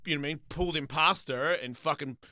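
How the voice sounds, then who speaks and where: A middle-aged man tells a story in casual chat, swearing freely and talking animatedly. His voice is bright and forceful, and it sits close and dry on a studio mic. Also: fairly high pitch, fast, dry recording. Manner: profane, animated storytelling with acted quotes. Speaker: host.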